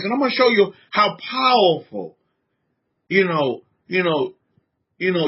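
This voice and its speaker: A man with a high-pitched, breathy-edged voice preaches an informal sermon in San Antonio. As a religious teacher, he's fervent and conversational, dropping casual slang, and the recording sounds dull and lo-fi.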